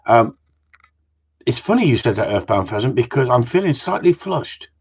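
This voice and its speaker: A man's voice: medium pitch, sing-song, normal speed, a little mellow, slightly rough. Rambling, jokey man on a muffled stream. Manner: rambling, jokey, swears freely, tag questions. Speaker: host of a live Q and A. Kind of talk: casual live-stream chat. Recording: muffled lo-fi audio.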